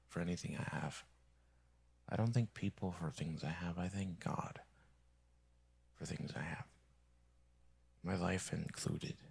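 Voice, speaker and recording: Bitter, gravelly low-voiced man. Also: darkish tone. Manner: bitter, complaining, often drops to a whisper. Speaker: streamer. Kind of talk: rambling monologue to viewers.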